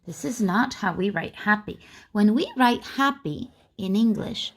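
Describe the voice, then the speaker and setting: A woman teaches young children a phonics lesson at a slow, careful pace. She repeats words often and stresses each one clearly. Her pitch rises and falls a lot as she talks to the class. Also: expressive.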